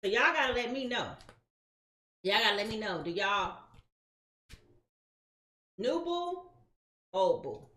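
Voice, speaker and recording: A woman's voice: on the high side, very animated, takes it slowly, pauses often, bright, forceful tone, echoey room. A woman giving a casual live-stream tarot reading, chatty and slangy, talking straight to her viewers. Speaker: tarot reader.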